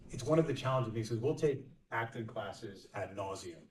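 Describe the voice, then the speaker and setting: A man's voice: on the low side, fairly quick. A man from Connecticut with a light East Coast accent, telling voice acting stories on a convention panel. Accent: East Coast American. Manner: animated storyteller, acts out quoted lines. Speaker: voice actor panelist. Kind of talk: casual panel talk. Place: large convention hall. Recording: echoey hall, mic far off.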